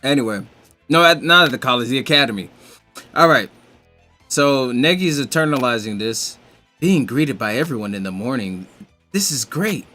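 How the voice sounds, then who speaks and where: A man's voice: medium pitch, animated, normal speed, pushed and bright, faint music behind. A man casually reading a comic aloud, stumbling through names and cursing as he adds his own comments. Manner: reads on the fly, stumbles, swears. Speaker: reader of a manga aloud.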